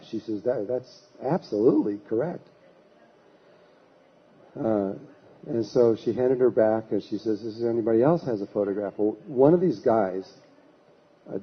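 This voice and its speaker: In a husky, medium-pitched voice, a man gives a storytelling talk as a lecturer, rambling through a long anecdote and acting out each person's voice. The audio sounds dull and lo-fi.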